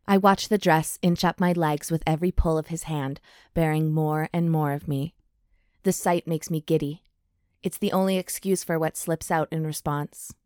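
A woman's voice: deep voice, fairly even intonation, a little mellow, dry recording, clean studio sound. A woman co-hosting a podcast, chatting casually and reading a steamy romance novel aloud, lingering on the hot lines. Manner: reads steamy passages slowly with breathy emphasis, laughs often. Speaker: podcast co-host.

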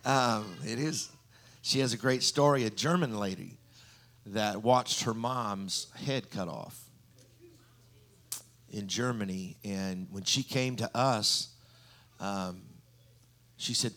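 A man's voice: fairly low pitch, a little slow, pauses often, fairly bright tone. A man preaching a sermon, telling stories with frequent ums and restarts. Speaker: guest preacher.

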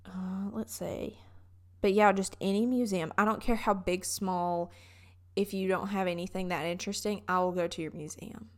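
A woman's voice: medium pitch, steady tone, moderate pace. A young woman with a Southern US accent, chatting casually in a vlog and telling stories with lots of fillers.

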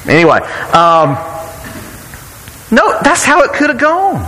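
A man's voice: extremely high pitch, huge pitch swings, slow, pauses often, sharp tone, long reverb tail, rough recording. A man preaching a sermon in a conversational way, often repeating words and asking rhetorical questions. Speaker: pastor.

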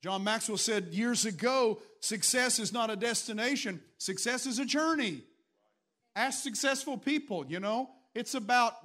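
A man's voice: high voice, animated, moderate pace, fairly bright tone. A man, a pastor preaching a storytelling sermon to his congregation with bursts of raised emphasis. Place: church in front of a congregation.

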